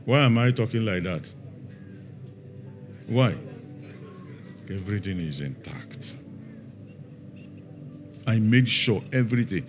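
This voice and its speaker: A man's voice: fairly low pitch, animated, over music. A middle-aged man, a pastor preaching a sermon and telling stories, stressing words and drawing them out. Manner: storytelling, emphatic with drawn-out words.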